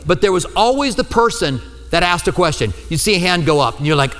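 Male pastor, sermon, lively storyteller, acts out quotes, slightly high voice, reverberant hall. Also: brisk, hardly any pauses.

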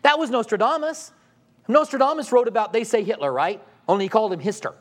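High-voiced man preaching conversationally. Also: quick pace, fairly bright tone. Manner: conversational preaching, acts out quoted voices, rhetorical questions. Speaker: pastor. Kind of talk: sermon.

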